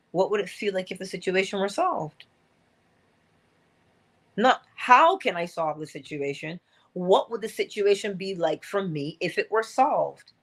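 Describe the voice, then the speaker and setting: A woman giving a motivational livestream talk as an inspirational speaker, earnest and coaching, repeating her key phrases. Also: mid-range voice.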